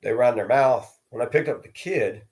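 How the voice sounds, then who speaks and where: A middle-aged man from Denver telling personal stories in a casual monologue, acting out the quoted voices and getting loud in the tense parts. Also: mid-range voice, moderate pace. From from Denver area. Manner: acts out quoted voices, rising loud for confrontations.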